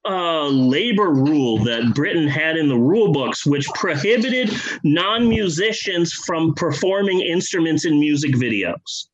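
A man co-hosting a podcast, telling a comedic story in a rambling, profane, animated way. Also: fairly high pitch, measured pace, few pauses, slightly rough, muffled recording. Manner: rambling, animated, profane, drops into character voices. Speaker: podcast co-host.

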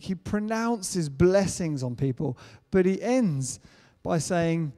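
Earnest preacher guy, warm-ish tone, kinda high voice, church echo all around. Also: moderate pace, hardly any pauses. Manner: earnest, building to emphatic declarations. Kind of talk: sermon. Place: church hall. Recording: church hall reverb.

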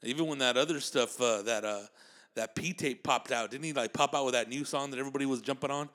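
A man's voice: mid-range voice, fast, a bit bright. A man delivering a profane comedic rant, mocking people and laughing at his own jokes.

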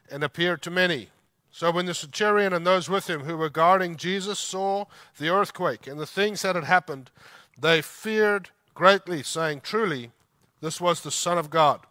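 Bright, high-voiced male preacher. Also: no room sound. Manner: emphatic, slows down to stress scripture lines. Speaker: pastor. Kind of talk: sermon.

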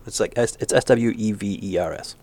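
A man's voice: fairly low pitch, a little fast, a little mellow. A man co-hosting a sports podcast in casual chat, mostly giving short, dry remarks. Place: small podcast studio.

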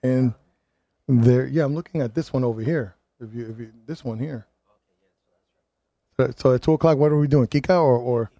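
A man's voice: mid-range voice, fairly quick, warm tone, no echo. A man hosting a live talk radio show, ranting and restarting his words often as he reads listener comments and programming notes in the studio.

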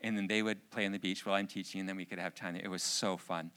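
A middle-aged man telling a personal story in a sermon, an animated storyteller with jokey asides. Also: low voice, quick pace, clean tone. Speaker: speaker.

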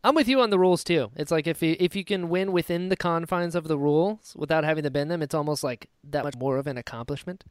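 A man's voice: a little high, fast, hardly any pauses, clean tone, no room sound, clean studio sound. A man hosting a podcast, chatting casually and eagerly, often reacting with short interjections. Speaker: podcast host. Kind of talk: casual chat.

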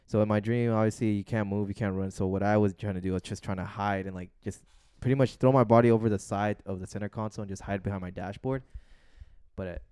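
A man's voice: lowish voice, steady tone, quick pace, dark tone, clean tone, no room sound, studio quality. A young man co-hosting a podcast, telling a long story in a loose, rambling way full of fillers and swearing. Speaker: podcast co-host. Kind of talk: casual chat.

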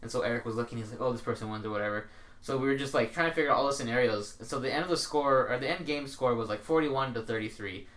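A man co-hosting a podcast, chatting casually and telling animated stories with plenty of swearing. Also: mid-range voice, racing. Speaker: podcast co-host. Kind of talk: casual chat.

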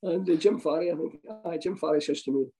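In a low-quality recording, a former football manager with a Scottish accent spins rambling stories, laughing as he goes, starting over, and mimicking other people's voices. He's an older man who talks fast, his pitch fairly high and his tone warm.

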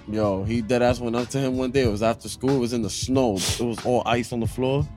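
A man chatting casually with friends, an animated storyteller who acts out quotes in loud voices. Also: medium pitch, fairly quick, few pauses, faint music behind. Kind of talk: casual group chat.

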